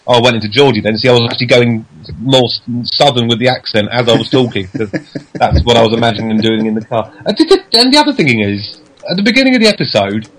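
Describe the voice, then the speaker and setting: A man's voice: quick pace, low-quality recording. Chatty man co-hosting a podcast. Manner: chatty and digressive, animated pitch jumps. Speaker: podcast co-host. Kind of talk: casual chat.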